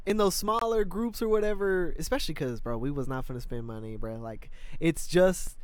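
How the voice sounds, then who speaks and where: A man's voice: a little high, normal speed, dry recording. A man co-hosting a podcast, telling stories in casual slangy chat with lots of "bro". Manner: animated storytelling, slangy, says "bro" often. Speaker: podcast co-host.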